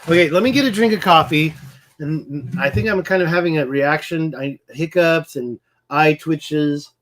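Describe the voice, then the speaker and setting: A man's voice: fairly high pitch, a little slow, a bit bright. Distracted man muttering over a map. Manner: distracted, muttering, self-correcting. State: hiccuping, eye twitching. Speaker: independent researcher presenting maps. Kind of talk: rambling screen-share commentary.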